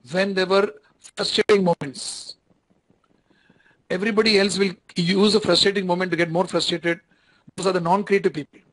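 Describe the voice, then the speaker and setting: A man's voice: high voice, fairly bright tone, poor audio. A man with an Indian English accent giving an online lecture, talking conversationally, repeating phrases and checking whether students follow.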